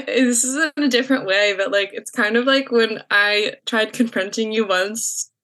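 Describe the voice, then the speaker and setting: A woman co-hosting a podcast in casual chat, asking gentle, hesitant questions. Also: on the high side, unhurried. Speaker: podcast co-host.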